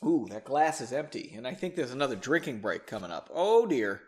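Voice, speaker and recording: A man's voice: medium pitch, sing-song, a little fast, a little mellow. A man casually reading his own story aloud, breaking off often for self-mocking, joking asides and a bit tipsy from drinking. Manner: self-mocking, chatty asides, laughs between passages. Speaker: reader of his own book.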